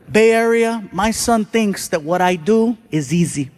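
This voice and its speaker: Guy doing stand-up on stage, high voice, tells stories big and animated, does little voices for people. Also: measured pace, few pauses. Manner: animated storytelling, acting out the people he quotes. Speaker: stand-up comedian. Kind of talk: stand-up storytelling. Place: comedy stage before a live audience.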